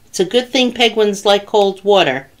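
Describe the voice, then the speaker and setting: A woman who works as a children's librarian, reading a picture book aloud with gentle, expressive storytelling. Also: mid-range voice, normal speed.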